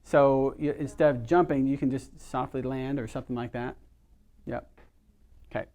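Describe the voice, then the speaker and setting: A middle-aged chiropractor runs a relaxed workshop for a small group, speaking at a medium pitch with fairly even intonation and a moderate pace. His tone is darkish and his voice sits in an ordinary middle range. He tells stories in a chatty way and keeps putting questions to his listeners.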